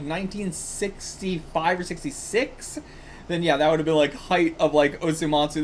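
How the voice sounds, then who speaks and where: A man's voice: sits high, slight background noise. Rambling man reacting to manga. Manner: rambling, swears and laughs often. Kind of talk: casual reaction while reading aloud.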